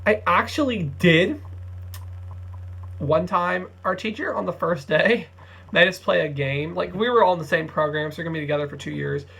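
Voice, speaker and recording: Creaky, husky young man rambling. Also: high voice, normal speed, sharp tone. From Ohio. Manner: rambling, hesitant, many fillers and restarts. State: sleepy, yawning. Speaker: couponing YouTuber. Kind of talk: casual vlog chat.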